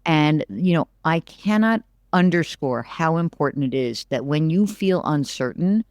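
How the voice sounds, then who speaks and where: Speaking a little slowly in a deep voice, this middle-aged business analyst discusses the economy as an interview guest, animated and emphatic, frequently repeating words to drive her points home. The exchange is conversational, and the audio is dry and studio quality.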